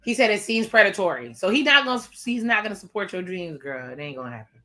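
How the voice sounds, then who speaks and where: This woman's reaction video is casual and aimed right at her audience, full of sassy asides, chatter, and frequent laughs. She speaks quickly in a bright, forceful, sing-song voice of medium pitch.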